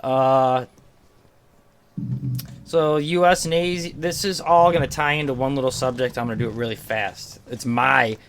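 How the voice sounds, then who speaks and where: A man's voice: mid-range voice, steady tone, measured pace. A man hosting a casual podcast, joking and rambling while reading out news headlines. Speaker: podcast host. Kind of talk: casual chat.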